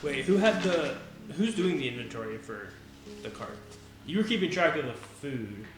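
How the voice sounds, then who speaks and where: A man's voice: fairly high pitch, sing-song, normal speed, soft background music. A man playing a tabletop game with friends, joking and laughing often. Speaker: player. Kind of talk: casual tabletop chat. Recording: very echoey room, faint noise.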